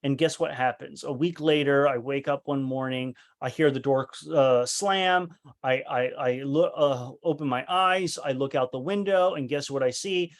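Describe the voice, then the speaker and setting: A man's voice: mid-range voice, normal speed. A man giving a leadership training talk, telling a personal story earnestly, with many restarts and acted-out quotes. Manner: earnest, full of restarts, acts out quoted voices.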